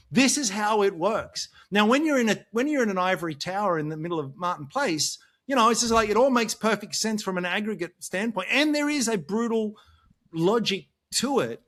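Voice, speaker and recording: A man's voice: high voice, a bit bright. An Australian man talking in a casual podcast discussion, passionate and worked up, often restarting his sentences. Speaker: podcast panelist.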